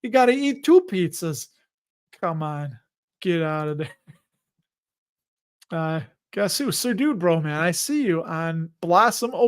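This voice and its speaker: A man with a Chicago accent hosts a casual livestream. His voice sits a bit high for a man, and he rambles from one aside to the next, cracking jokes and chuckling as he goes. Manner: rambling, jokey, chuckles between remarks. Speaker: host of an investing livestream.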